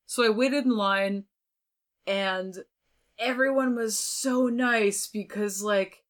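A woman's voice: medium pitch, slow. A young woman, a violinist guest on a podcast, telling stories in casual, chatty talk full of filler words. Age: young adult. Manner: chatty, lots of filler words, animated storytelling. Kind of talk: casual interview chat.

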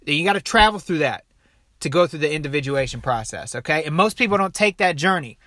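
A man with a bright, fairly high voice rants through a video clip in casual, foul-mouthed commentary. He talks with animated energy and keeps tossing in "dude" and "okay." The sound is dry and close. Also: a little fast, no room sound.

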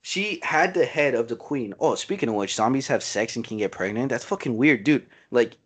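A man chatting casually about a movie as a podcast co-host, excitable, swearing freely and calling his friend "dude" and "bro.". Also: medium pitch, normal speed, slightly rough. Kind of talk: casual movie review chat.

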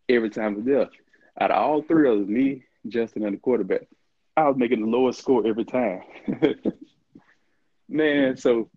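A man's voice: mid-range voice, dry recording, phone-quality sound. A middle-aged man, telling stories as an interview guest, acting out quoted dialogue and laughing often. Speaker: interview guest, former college football player. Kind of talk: casual storytelling.

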